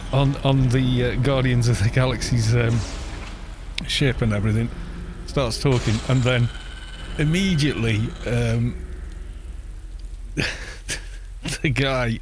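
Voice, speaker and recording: A man streaming a game, chatting casually in a quiet, gentle voice, rambling with restarts and soft laughs. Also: mid-range voice. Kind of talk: casual live-stream chat while gaming.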